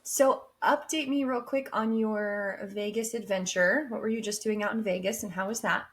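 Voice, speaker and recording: A woman's voice: mid-range voice, moderate pace. A young woman co-hosting a podcast from her bedroom, chatting casually, laughing often and swearing freely. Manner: animated storytelling, acts out quotes. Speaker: podcast co-host. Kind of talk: casual chat. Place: bedroom at home.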